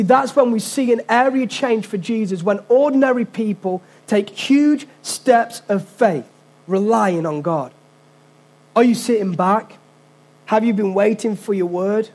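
A man's voice: high-pitched, a little mellow. A man preaching a sermon as pastor, earnest and conversational, with casual asides to the congregation.

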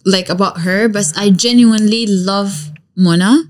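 A young woman guest in a casual, heartfelt chat, tearing up and talking in a halting, gushing way. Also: mid-range voice, fairly even intonation.

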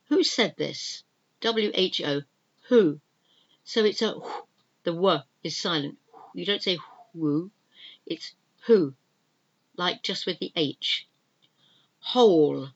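A woman's voice: lowish voice, expressive, slow, long pauses, highs cut off. A woman hosting a language-learning podcast, pronouncing words carefully and spelling them out letter by letter. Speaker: podcast host, English teacher.

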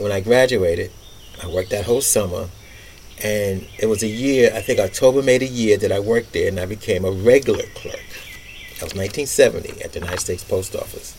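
A man's voice: lowish voice, a little hiss or hum. Older New man spinning yarns. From New York City. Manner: lively, colloquial, wry retelling with repetitions. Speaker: podcast host. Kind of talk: casual storytelling monologue.

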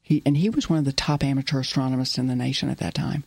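A woman's voice: extremely low pitch, fairly even intonation, quick pace, gravelly, darkish tone, no room sound. A middle-aged woman telling her life story in an interview, earnest and repeating key phrases. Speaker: business owner guest.

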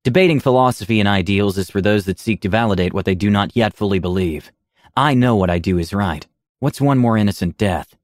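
A man voicing a calm, cold-eyed gentleman lizardfolk with a silky, measured voice. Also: fairly low pitch, no echo, studio quality, pitched below the performer's own voice, lightly acted. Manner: measured, quietly menacing.

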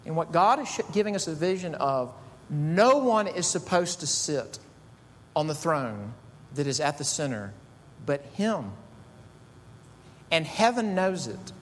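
Emphatic preacher man in a reverberant hall. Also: slight background noise. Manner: emphatic, rising to high bursts on key words. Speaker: pastor. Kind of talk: sermon.

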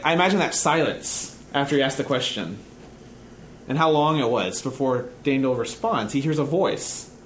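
A man teaching a conversational sermon, often checking in with the listeners by asking "right?". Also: a little high. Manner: casual, asks "right?" often. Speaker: preacher and teacher. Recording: echoey room, faint background noise.

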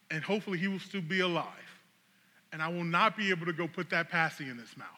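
A man, a pastor, telling a funny, animated story as a sermon illustration. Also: high-pitched. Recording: long reverb of a large hall.

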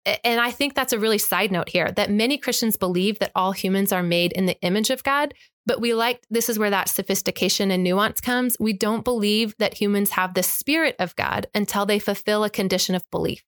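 A woman's voice: mid-range voice, brisk, fairly bright tone, no room sound, clean studio sound. An emphatic, impassioned woman telling a personal story as a guest in conversation, acting out the exchanges. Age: adult with an eight-year-old child.

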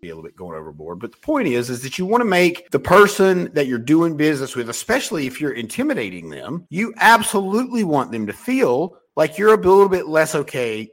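A man talks through sales advice in a loose, unscripted way, with swearing and lots of restarts and self-corrections. His voice sits a little high for a man and swings widely in pitch. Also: huge pitch swings, brisk, hardly any pauses, soft background music. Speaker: podcast host and sales coach. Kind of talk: casual motivational talk.

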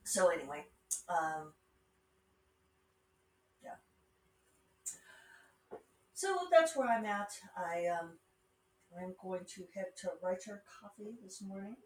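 A woman's voice: fairly low pitch, lively intonation, slow pace, long pauses, darkish tone. Chatty woman with a Rocky Mountain accent. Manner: chatty, digressive, wry asides. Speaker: podcast host and self-published author. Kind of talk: casual rambling monologue. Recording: roomy sound from a distance with faint ambience.

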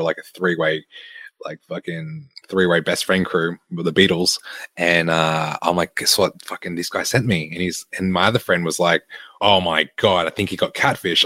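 A man's voice: sits low, a bit bright, no echo. An Australian man, a fitness coach, telling a story in a casual, sweary way and laughing often.

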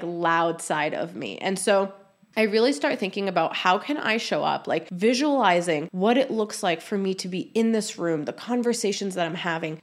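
A woman in her thirties hosting a podcast, talking casually and openly, full of "like" fillers and acted-out quotes. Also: on the low side. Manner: chatty, many "like" fillers, acts out quoted voices. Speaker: podcast host. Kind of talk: casual solo podcast talk.

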